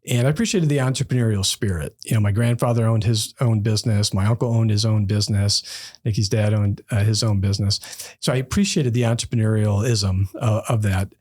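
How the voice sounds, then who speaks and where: A man in his fifties from Northeast Ohio, a bank executive guest on a podcast, telling stories from his life in a relaxed, conversational way with plenty of fillers, acting out the people he quotes. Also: fairly low pitch, brisk. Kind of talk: casual storytelling interview.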